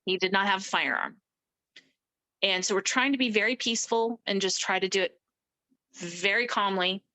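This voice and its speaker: A woman's voice: mid-range voice, moderate pace, sharp tone, poor audio. A middle-aged woman, an interview guest, recounting a personal story emphatically and acting out the people she quotes.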